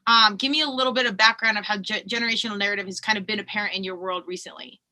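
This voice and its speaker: Bright, bubbly woman podcast host. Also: mid-range voice. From Colorado, USA. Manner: bubbly, animated and quick to laugh. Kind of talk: casual podcast conversation.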